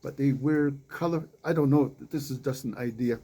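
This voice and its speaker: A man leading an informal Bible study in a small group, reading scripture aloud and adding unhurried conversational asides. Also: mid-range voice, mellow, rough recording.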